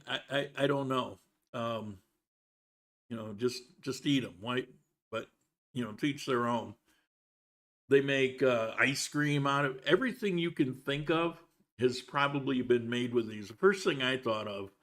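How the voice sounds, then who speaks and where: A man's voice: mid-range voice, a bit bright. A man hosting a casual livestream from home, chatting in a rambling way and sometimes talking while he eats. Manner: rambling, chatty, with frequent restarts; talks while eating. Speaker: livestream host. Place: home in Colombia.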